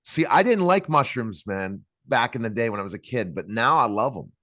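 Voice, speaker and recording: A man's voice: medium pitch, lively intonation, a little fast, fairly bright tone, no room sound. A man hosting his own interview show, asking chatty, rambling questions in a casual way. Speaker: show host.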